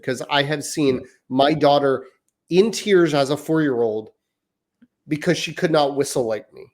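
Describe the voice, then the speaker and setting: A man's voice: on the high side, a little slow. A man in his thirties co-hosting a parenting podcast, talking through ideas in long, hedging, winding sentences. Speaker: podcast co-host. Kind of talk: casual parenting chat.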